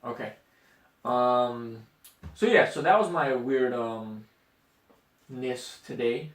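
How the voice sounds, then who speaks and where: A man co-hosting a podcast, telling stories in a loose, profane, animated way. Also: medium pitch, slow pace. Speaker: podcast co-host. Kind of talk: casual chat. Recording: echoey room, mic at a distance.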